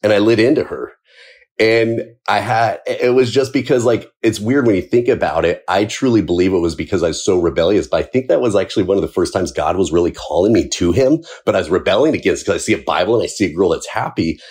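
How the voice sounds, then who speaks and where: Deep-voiced man with a husky edge, a firefighter recounting his past plainly and with wry chuckles. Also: fast, darkish tone. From Southern California. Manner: casual and candid, chuckles between points. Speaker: firefighter telling his life story. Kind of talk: personal storytelling.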